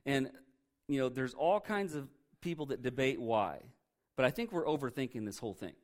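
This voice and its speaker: A pastor preaching a sermon in a conversational way, with joking asides. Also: male voice, medium pitch, animated, normal speed, a little mellow.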